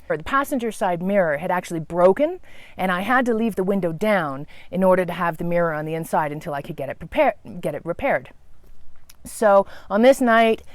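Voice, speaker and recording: A woman tells a story to camera with a lively, theatrical delivery. Her pitch climbs and dips all over the place, and the sound is dry and close. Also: no room sound. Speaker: travel vlogger.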